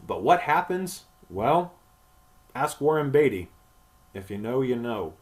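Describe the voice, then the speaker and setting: A man's voice: medium pitch, big pitch swings, a little slow. A male podcast host recapping a film in casual chat, crude and rambling, swearing often and laughing.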